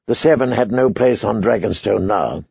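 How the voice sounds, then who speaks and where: A man narrating a story as an audiobook reader, in a measured, even way. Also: fairly low pitch, vocal fry, slightly rough, dry recording, dull audio. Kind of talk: scripted narration.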